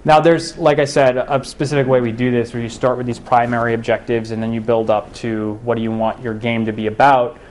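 A man's voice: mid-range voice, flat delivery, a little fast, few pauses, a little hiss or hum. A young man giving a public talk to a live audience about game-based learning, speaking conversationally and putting questions to the room. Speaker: education researcher giving a talk.

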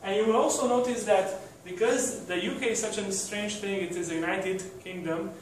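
A man with a high voice lectures at a university at normal speed, sounding hesitant and using many fillers and restarts. He's recorded from far off in a very echoey room, with a little hiss or hum.

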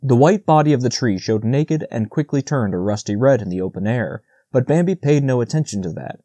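A man narrating an audiobook in a steady, measured reading. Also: mid-range voice, dry recording.

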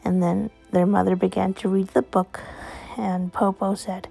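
A woman telling a homemade bedtime story, speaking as a gentle, soothing mother. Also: mid-range voice, flat delivery, moderate pace, vocal fry, breathy edge, soft background music, low-quality recording.

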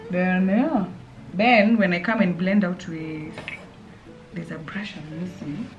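A woman's voice: lowish voice, takes it slowly, lo-fi sound, over music. A Kenyan woman in her late twenties chatting casually in a bedroom while explaining her makeup steps. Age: late 20s. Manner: chatty, explains as she goes. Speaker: co-host. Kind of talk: casual chat during a makeup tutorial.

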